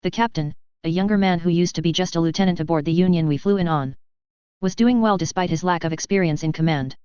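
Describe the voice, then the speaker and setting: Narrator for a first-person story, crisp voice, dry and a bit dull in sound. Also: medium pitch, fast, a little mellow, no room sound.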